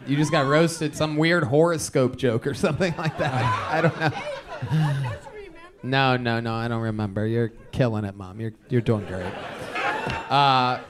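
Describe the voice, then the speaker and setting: A man's voice: medium pitch, crowd noise. A man hosting a live comedy show, teasing and questioning a guest on stage. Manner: teasing, quick interviewer. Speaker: host. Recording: live club recording with background noise.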